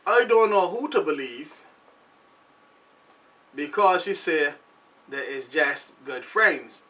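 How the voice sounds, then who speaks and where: High, bright Barbadian man rambling. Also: takes it slowly, distant mic. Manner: loose, rambling, animated delivery. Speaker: show host. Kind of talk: casual commentary monologue.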